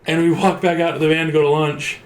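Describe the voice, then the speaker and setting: A man's voice: fairly high pitch, fast. Rambling male podcast storyteller, echoey room. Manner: rambling, animated storyteller, lots of "like". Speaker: podcast co-host. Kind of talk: casual storytelling. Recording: roomy echo.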